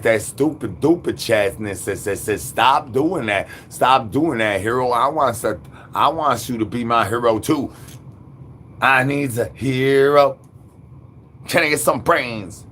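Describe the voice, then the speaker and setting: A man's voice: lowish voice, fairly bright tone, a little hiss or hum. A man, rambling through an absurd monologue with sing-song rhyming babble and nonsense words. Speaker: livestream host.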